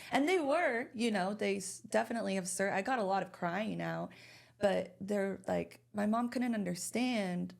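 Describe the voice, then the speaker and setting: A young woman appears as a guest on a casual podcast, talking candidly about her past in an emotional personal story. Her mid-range voice is creaky and moves at a moderate pace, and she uses many fillers and restarts.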